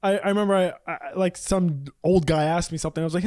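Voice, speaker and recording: A man's voice: high-pitched, a little mellow. A man co-hosting a podcast who teases, giggles often and jumps into silly voices. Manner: giggly, teasing, quick to laugh. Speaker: podcast co-host. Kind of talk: casual comedic chat.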